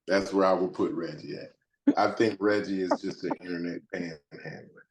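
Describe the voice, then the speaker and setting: A man on a casual podcast panel, speaking in a deadpan, drawn-out way. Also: low voice, noisy background.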